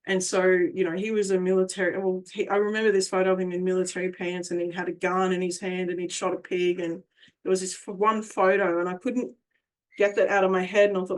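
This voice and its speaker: Blunt, emphatic woman telling her story. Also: medium pitch. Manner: emphatic, blunt, swears freely. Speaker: interview guest, survivor advocate. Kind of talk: candid personal storytelling.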